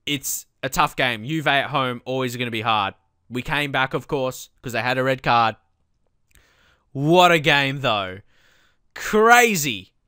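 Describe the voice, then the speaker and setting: Excitable bright-voiced male game commentator. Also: mid-range voice, unhurried, clean tone, no echo, clean studio sound. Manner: excitable, shouts at the game, then calm explaining. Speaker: let's play host.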